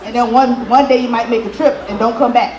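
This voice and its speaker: A woman's voice: fairly high pitch, steady tone, a little fast, lo-fi sound. A woman on a live panel giving blunt relationship advice, asking direct questions and acting out what people say. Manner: direct, questioning, acts out quotes. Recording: roomy venue with a live crowd.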